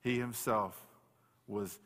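A man's voice: on the low side, steady tone, a bit bright. Man preaching in a reverberant hall. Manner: conversational preaching with restarts, reads scripture aloud slowly. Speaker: pastor. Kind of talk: sermon.

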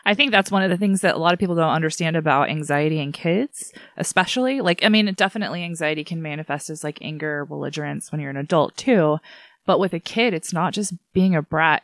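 Earnest low-voiced woman co-host. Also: dry recording, clean studio sound. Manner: earnest, quick bursts of thought. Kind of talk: casual podcast chat.

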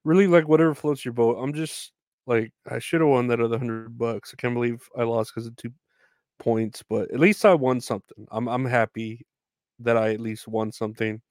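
A man's voice: medium pitch, steady tone, normal speed, darkish tone, no room sound. A young man rambles through news headlines in a casual rant, swearing often and making fun of himself. His voice sits in a middle range. The recording is dry and close, with no room sound. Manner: rambling, profane, self-deprecating. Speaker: podcast host.

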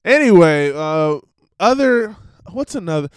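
High-voiced man ranting slowly. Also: sing-song, clean tone, no room sound, clean studio sound. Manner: rambling, self-interrupting, profane, mock-voices people. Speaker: podcast host. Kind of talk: casual ranting monologue.

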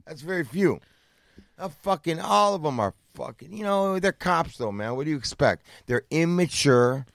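A man's voice: on the high side, normal speed, gravelly, no room sound, studio quality. A man co-hosting a podcast, talking with lots of profanity and energy. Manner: profane, animated, agreeing loudly. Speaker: podcast co-host. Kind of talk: crude comedic podcast banter.

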